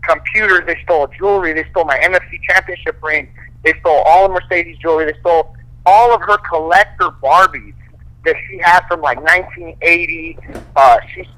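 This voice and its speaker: A man, a fighter guest, casually telling profane, animated stories full of quoted dialogue. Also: fairly high pitch, a little fast, low-quality recording. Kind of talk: casual storytelling.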